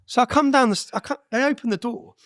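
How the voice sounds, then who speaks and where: A man's voice: very high voice, fast talker, a bit bright, no echo, clean studio sound. A man, a guest on an interview podcast, telling his story bluntly and with energy, with frequent "yeah?" tags and some swearing.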